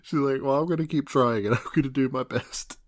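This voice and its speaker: Giggly man retelling a show. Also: mid-range voice. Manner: giggly, laughs through nearly every sentence; acts out characters' lines in quick quoted voices. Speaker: podcast co-host. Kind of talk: casual chat, retelling an anime episode.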